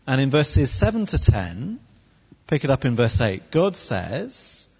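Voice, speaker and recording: A man preaching a sermon with a wry, animated delivery and humorous asides. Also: mid-range voice, measured pace, breathy edge. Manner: animated, wry, with comic put-on voices. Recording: dull recording in echoey hall.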